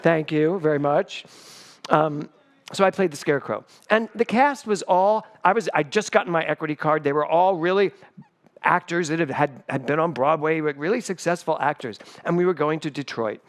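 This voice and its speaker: A man's voice: fairly high pitch, moderate pace. A middle-aged man, the spiritual director of a church, giving a sermon full of personal stories and acting out the voices of people in them. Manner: animated, acts out voices in stories. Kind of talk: storytelling sermon. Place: church sanctuary, livestreamed service.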